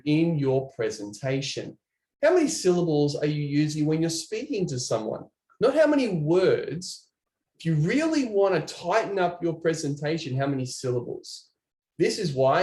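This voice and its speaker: A man giving an online training presentation, animated and chatty, talking to viewers in the chat. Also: a little high, roomy sound.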